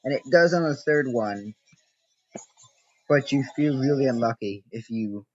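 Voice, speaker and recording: A man's voice: mid-range voice, expressive, unhurried. A young man chatting through a game walkthrough, thinking aloud and correcting himself as he plays. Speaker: gaming video creator. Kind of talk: casual game walkthrough commentary. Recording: dull lo-fi audio with game music. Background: game music.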